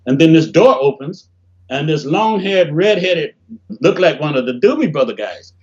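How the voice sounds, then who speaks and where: An older man from Detroit telling animated stories in a casual interview over a video call, often acting out what people said. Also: a little high, normal speed. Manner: animated, laughing storyteller, acts out quotes. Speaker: interview guest, bassist. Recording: dull lo-fi call audio.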